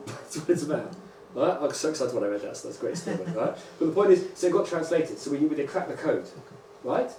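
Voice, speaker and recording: A man, a rabbi, giving a lively conference lecture to teachers and often checking in with "right?" and "okay?". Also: a little high, brisk, few pauses. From England. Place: large lecture hall. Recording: echoey hall, distant mic, faint hum.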